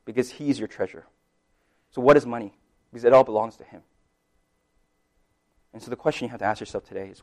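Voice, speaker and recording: A man with a gravelly, mid-range voice preaches as a pastor. His sermon is casual and conversational, dotted with laughs and "right?", alternating between soft and emphatic moments.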